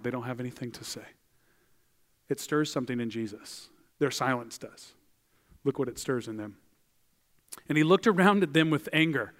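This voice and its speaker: A man preaching a sermon as a pastor, animated and acting out the voices of the people in the story. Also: on the high side, in a large hall. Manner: animated, acts out voices of biblical figures. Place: church.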